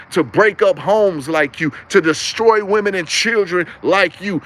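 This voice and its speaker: Man, high-pitched voice, young adult, preachy and emphatic, repetitive, livestream monologue. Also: fairly bright tone. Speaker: livestream host. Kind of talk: impassioned live-stream monologue.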